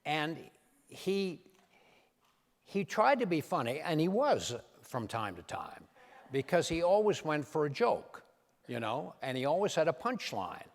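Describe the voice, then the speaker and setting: Lively older comedian telling stories. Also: male voice, fairly high pitch, unhurried, big-room sound. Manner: animated, punchline-driven delivery with playful quoted voices. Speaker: comedian and impressionist guest. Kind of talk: anecdotal stage storytelling. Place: event stage in a large hall.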